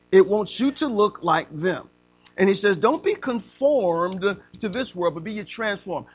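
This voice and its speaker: A man preaching an interactive sermon to a class, asking the room questions and acting out stories with slow, emphatic delivery. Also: sits high, a bit bright.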